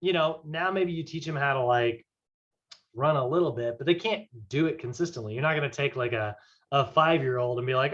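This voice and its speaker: A man's voice: medium pitch, normal speed, a bit bright. A man teaching a fitness class in a casual, conversational way, often checking in with "right?". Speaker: fitness instructor. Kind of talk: classroom lecture. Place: classroom with whiteboard. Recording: dull lo-fi classroom recording.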